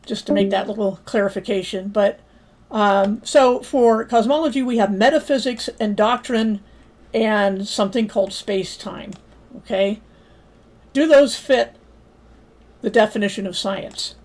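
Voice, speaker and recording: A woman's voice: mid-range voice, a little mellow. Woman lecturing at a livestreamed Bible study. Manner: argumentative, pausing to invite viewer comments.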